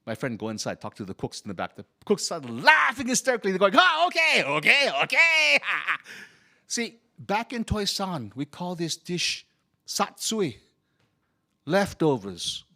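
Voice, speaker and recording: A man's voice: high-pitched, huge pitch swings, normal speed, bright, forceful tone, full character voice. A storyteller playing a humble Chinese immigrant man. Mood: wistful. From Hawaii. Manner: broken immigrant English. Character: male Chinese immigrant laborer, humble and good-humored. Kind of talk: first-person character storytelling.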